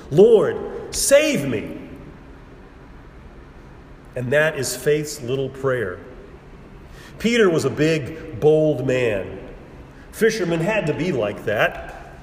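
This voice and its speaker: A man preaching a sermon in a measured, emphatic way, building repeated phrases and pausing for effect, recorded in a church sanctuary. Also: fairly high pitch. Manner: measured, emphatic preaching with repetition and dramatic pauses. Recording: roomy hall with long reverb and faint background noise.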